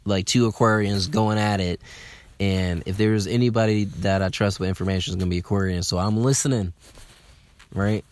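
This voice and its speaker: A young man from telling a casual, animated story, swearing freely and using lots of fillers. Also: lowish voice, moderate pace. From Atlanta, USA. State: slightly hungover.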